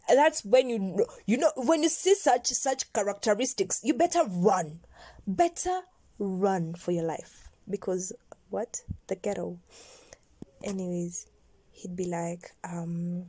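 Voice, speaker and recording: A young woman tells a story to camera in a loose, rambling way. Her voice is warm and mellow, and at times she drops to a hushed near-whisper. The sound is dry and close, with no room echo. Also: medium pitch, expressive, slow pace. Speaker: vlogger.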